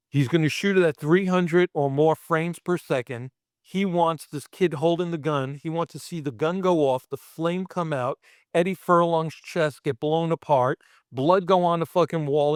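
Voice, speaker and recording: A middle-aged Brooklyn man with a thick local accent tells stories from the film set, swearing freely and acting out booms and camera sounds. His voice sits a little higher than most men's. The recording is close and dry, with no room around it. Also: dry recording. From Brooklyn, New York. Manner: profane and animated, acting out sound effects. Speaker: podcast guest, special effects artist. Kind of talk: casual storytelling.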